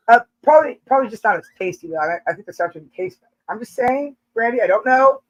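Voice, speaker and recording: A woman's voice: on the high side, low-quality recording. A woman hosting a casual live chat, joking and teasing, laughing often between lines. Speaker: livestream host.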